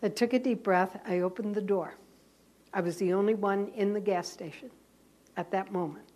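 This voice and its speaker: Woman, Catholic nun, storytelling sermon, lively, self-mocking, mid-pitched voice. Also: moderate pace. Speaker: Catholic nun giving a talk to sisters.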